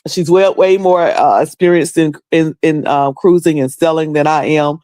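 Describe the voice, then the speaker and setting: A woman's voice: low voice, steady tone, moderate pace, mellow, no echo, clean studio sound. A woman with a North Carolina accent chatting casually on her livestream, rambling with many fillers and restarts. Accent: Southern US, North Carolina. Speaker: livestream host.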